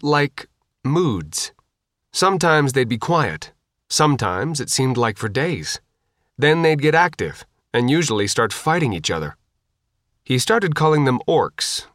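A man narrating an audiobook in a casual, deadpan reading. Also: medium pitch, no room sound, studio quality. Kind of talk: scripted narration.

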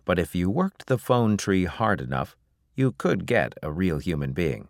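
A man narrating an audiobook in a steady, even storytelling manner. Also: deep voice, measured pace, no echo, clean studio sound. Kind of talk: scripted narration.

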